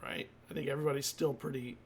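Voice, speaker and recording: Gravelly game master, casual. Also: male voice, mid-range voice, level tone, fast, a little hiss or hum. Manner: casual, laughing, rambling. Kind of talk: narrating a tabletop game.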